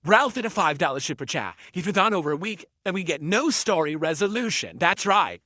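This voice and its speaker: A man with a high, bright voice that swoops up and down as he chats on a livestream. He teases and mocks his viewers while reading their super chats, swearing casually. The sound is close and dry. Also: big pitch swings, brisk, hardly any pauses, dry recording. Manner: teasing, mocking, swears casually.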